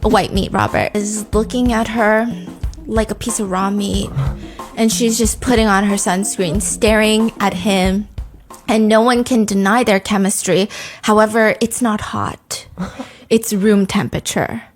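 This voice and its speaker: A woman's voice: medium pitch, steady tone, measured pace, faint music behind. A woman hosting a podcast, recapping a show in a casual, jokey way and acting out its quotes. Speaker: podcast host. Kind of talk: casual comedic recap chat.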